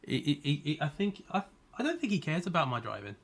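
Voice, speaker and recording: A man's voice: a little high, wildly swooping pitch, quick pace, fairly bright tone. A man live-streaming a racing game, chatting casually and teasing viewers as he answers their messages. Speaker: gaming streamer.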